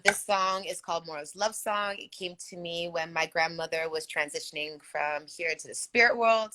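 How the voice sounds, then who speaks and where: A woman speaking as a guest singer in a casual livestream interview, soft and affirming with many fillers, talking into a phone she holds in her hand. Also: lowish voice. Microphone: phone held in hand.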